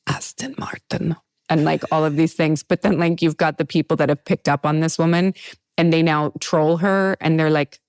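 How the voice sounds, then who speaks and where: A woman hosting a podcast in casual chat, talkative and laughing often with quick asides. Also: low voice, fairly even intonation, a little mellow, no echo, clean studio sound. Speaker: podcast host.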